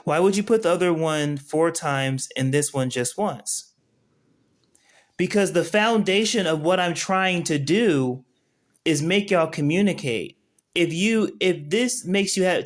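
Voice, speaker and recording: In a relaxed live-stream lesson, a spiritual teacher with a fairly high voice speaks directly to his audience at an unhurried pace. Conversational in manner, he keeps asking whether viewers can see what he's doing.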